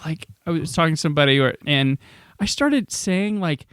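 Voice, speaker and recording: A man hosting a podcast interview, talkative and animated when telling his own stories. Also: fairly high pitch, normal speed, clean tone, no room sound, studio quality. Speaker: podcast host. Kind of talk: casual interview chat.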